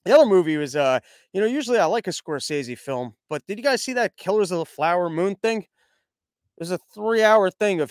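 A man's voice: sits high, animated, brisk, dry recording, clean studio sound. A young man hosting a news commentary podcast, rambling and sarcastic, mocking the stories and reading sponsor ads.

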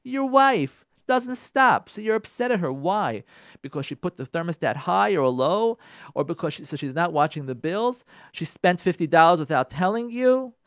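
A man with a high-pitched voice and lively intonation talks at a moderate pace on a radio show, mixing a story with marriage advice. He repeats phrases for emphasis and addresses listeners directly, in clean studio sound without room noise.

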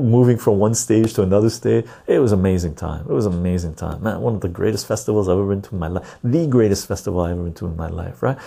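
A man's voice: lowish voice, gravelly, dark tone. A man hosting a podcast, chatting casually and reading out viewer comments, rambling and laughing often. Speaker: podcast host.

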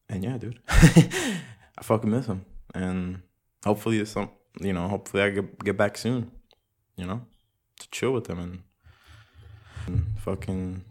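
A young man talks through his solo podcast in a relaxed, rambling way, full of slang and swearing. His voice sits on the low side, and he drifts from one thought to the next like he's catching up with a friend. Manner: rambling, profane, laid-back slang. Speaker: podcast host. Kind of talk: casual solo podcast chat. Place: room at home with audible room echo.

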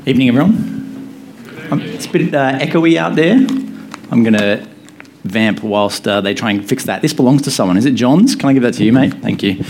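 A man's voice: mid-range voice, animated, brisk, a little hiss or hum. A man in his thirties, a pastor, giving a sermon in a casual, good-humoured way with many fillers. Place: church hall with echo.

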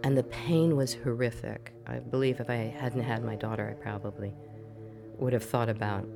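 A middle-aged woman with a low, gravelly voice recounts her own story in an interview. She talks earnestly and reflectively and often repeats phrases for emphasis. Music plays clearly beneath her voice. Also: fairly even intonation, normal speed. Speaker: psychotherapist guest. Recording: music playing under the voice.

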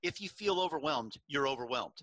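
A middle-aged man hosting a faith-based talk, asking reflective, measured questions. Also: mid-range voice, lively intonation, a bit bright, no room sound, rough recording. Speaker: podcast host.

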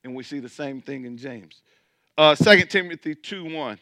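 A man's voice: a little high, moderate pace, bright, forceful tone, dry recording. A man preaching as pastor, building intensity, with mocking asides about churchgoers. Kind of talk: sermon.

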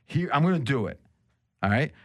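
A man's voice: medium pitch, expressive, brisk, fairly bright tone, dry recording. A man hosting a casual chat show, rambling and joking as he tells stories. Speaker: host.

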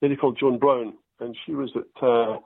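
An older Scottish man, an actor, telling self-deprecating stories in a relaxed interview. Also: mid-range voice, fairly quick, creaky, breathy edge, no echo. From Scotland. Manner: storytelling, self-deprecating, quotes others in lively voices. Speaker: actor guest. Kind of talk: anecdotal interview chat. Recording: dry tinny phone-like line.

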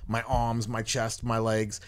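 A man's voice: medium pitch, monotone, slow pace. Exasperated rambling man telling a story. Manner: rambling, exasperated, swears freely. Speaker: podcast host. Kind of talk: casual storytelling chat.

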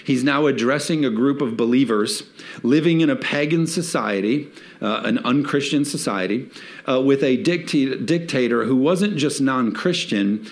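A man preaching a sermon as a pastor, lively and joking, acting out little quoted scenes from everyday life. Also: mid-range voice.

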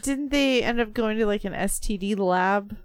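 A woman's voice: mid-range voice, moderate pace, clean tone, no room sound. A woman in her thirties chatting casually on a podcast, answering with short agreeing replies and laughter. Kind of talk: casual movie chat.

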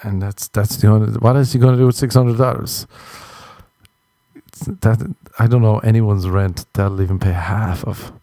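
A young Irish man tells crude, rambling comic stories in a casual monologue. His voice sits a little low and sounds mellow, and the recording is dry and close. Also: steady tone, normal speed, no room sound. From Ireland. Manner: rambling, crude, jokey storytelling with laughs.

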